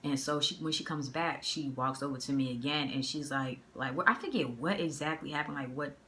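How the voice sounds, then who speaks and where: A young woman from the area, telling a personal story in a casual, slangy, animated way on a phone mic. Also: low voice, a little fast, a little hiss or hum. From Boston area. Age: young adult. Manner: animated, slangy, acts out the dialogue. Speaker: vlogger.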